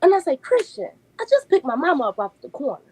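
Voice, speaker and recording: A woman, a podcast guest telling lively family stories and laughing often. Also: high voice, fast talker, a little hiss or hum, low-quality recording. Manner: animated storyteller, laughs often. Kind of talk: casual podcast chat.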